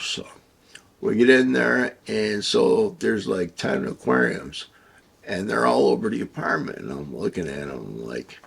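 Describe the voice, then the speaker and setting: A man casually telling a rambling, crude anecdote with halting starts. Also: on the low side, animated, gravelly, slight background noise. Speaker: storyteller.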